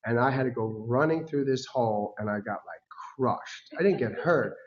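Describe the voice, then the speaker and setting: A man's voice: medium pitch, normal speed. Guy telling stories from the stage, keeps laughing and doing other people's voices, kinda muffled lo-fi sound. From United States. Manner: lively storyteller who acts out quoted voices and laughs often. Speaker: guest speaker. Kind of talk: personal storytelling talk. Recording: dull lo-fi recording.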